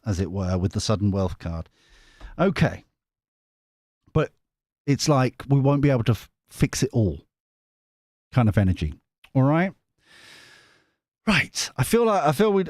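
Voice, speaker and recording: A man's voice: mid-range voice, darkish tone, dry recording, studio quality. A man giving a tarot reading on a live stream, chatty and rambling, often mocking himself. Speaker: tarot reader.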